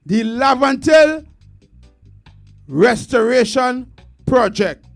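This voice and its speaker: A Trinidadian man speaks slowly and earnestly, laying out his points one at a time in a fairly high voice. He sounds like he's hosting a community talk, with faint music under him. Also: animated, gravelly. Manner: earnest, measured, lists points deliberately. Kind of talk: casual discussion.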